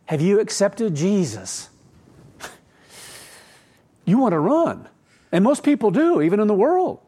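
A man's voice: high voice, darkish tone. A middle-aged man preaching a sermon in a conversational way, asking rhetorical questions and adding asides. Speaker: pastor.

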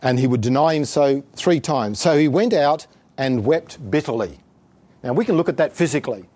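A man's voice: mid-range voice, expressive, normal speed, darkish tone. A man preaching a sermon in an emphatic, exhortative way, chuckling often as he talks.

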